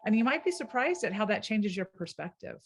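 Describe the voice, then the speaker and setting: A woman linguist with a subtle Southern US accent, explaining clearly and laughing easily in a podcast interview. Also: medium pitch, sing-song, fairly quick, slight background noise. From American South. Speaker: linguist guest.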